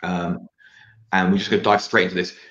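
A man with a lowish voice hosts a live show, upbeat and jokey in his chat. His sound is roomy and a little dull, as if coming over a video call. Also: flat delivery, a little fast, a bit bright. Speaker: host.

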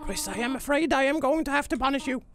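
A man reading a caring, stern goat mother's lines from a game in a slow, motherly tone. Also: very high voice, a little hiss or hum, voice pushed up.

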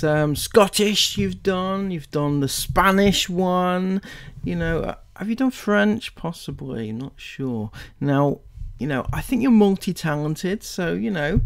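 A man's voice: fairly high pitch, vocal fry. A man giving dry, mocking commentary as a channel host. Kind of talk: sarcastic commentary.

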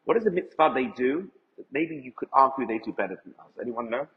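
Speaking fast with lively intonation and vocal fry, a male rabbi lectures emphatically on Torah to a live audience and poses questions to them. His voice is mid-range, and the event hall recording is echoey and lo-fi.

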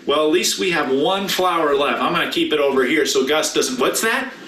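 Leading the children's message in a church sanctuary, this pastor jokes around playfully, his bright, high voice swooping up and down at a slightly fast clip. He's off-mic and far away, so the big room echoes around him.

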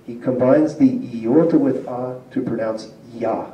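Picked up from a distance in a spacious hall, the audio is dull with some hiss or hum. A man with a dark, mid-range voice takes his time delivering a public linguistics lecture to community members, explaining patiently, posing questions to the room, and chuckling often.

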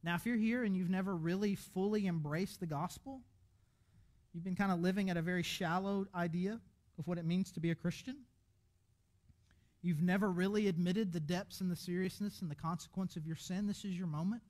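A man preaching a sermon as pastor in a church, animated and conversational, restarting his words often. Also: sits high, brisk. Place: church auditorium.

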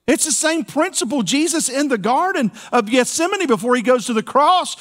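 A man's voice: extremely high pitch, animated, moderate pace, hardly any pauses, a bit bright. A man pastor preaching a sermon in a church, folksy and playful, with call-and-response asides to the congregation. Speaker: senior pastor. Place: church sanctuary.

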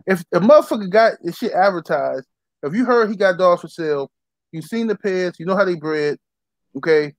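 A man's voice: sits high, animated, fairly quick, no echo. A man hosting a casual chat, emphatic and profane. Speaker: podcast host.

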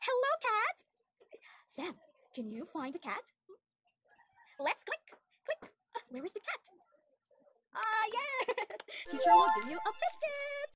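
A woman's voice: very high voice, sing-song, takes it slowly, pauses often, fairly bright tone, no echo. A young woman giving an online demo English lesson to a young child, with exaggerated sing-song praise and frequent laughs. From Philippines.

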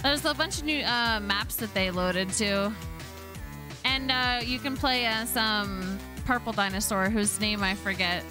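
A young woman streaming a game, chatting casually with her viewers, swearing freely and humming along to the game music. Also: mid-range voice. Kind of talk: casual live-stream chat while gaming. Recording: game music playing clearly behind.

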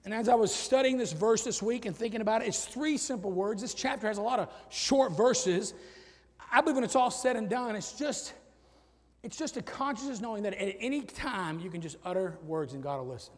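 High-voiced preaching man, shouting then hushed. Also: animated, brisk. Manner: swings between loud shouted peaks and low quiet asides. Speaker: pastor. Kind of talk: sermon. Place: church sanctuary with long reverb. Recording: reverberant church hall.

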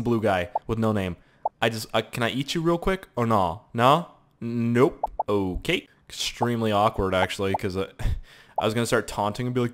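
Young man, lively swooping pitch, profane yelling gameplay commentary, hissy noisy recording. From Canada. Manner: excitable, profane, yelling outbursts and mock pleading. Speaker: gaming YouTuber.

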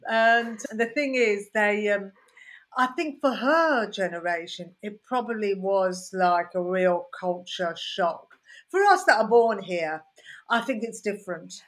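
A woman's voice: mid-range voice, measured pace. A woman comedian with a Birmingham accent, telling rambling, anecdotal stories in a casual podcast chat. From Birmingham, England. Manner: rambling, anecdotal storytelling with lively asides. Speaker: comedian guest.

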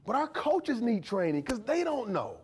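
A man giving a lively, conversational guest lecture as a history professor, joking and often checking in with his audience. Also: very high voice, moderate pace, husky. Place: university lecture to a live audience.

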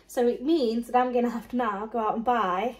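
Here a young woman, a mum who vlogs, talks casually about her shopping haul, wandering along and quoting prices with small laughs. Her slightly high voice keeps a steady tone at a brisk pace, captured on a low-quality recording.

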